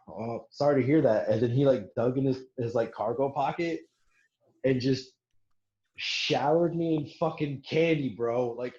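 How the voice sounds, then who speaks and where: A young man with a mid-range voice tells a long war story in casual podcast chat, swearing often and laughing as he acts out what others said in animated bursts. The recording is reverberant, with slight background noise.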